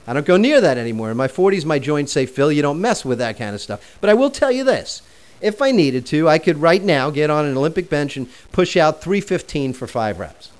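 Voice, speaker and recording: A man's voice: on the high side, clean tone. A man in his forties telling a personal story in a conversational way while teaching a self-help lesson. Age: 40s.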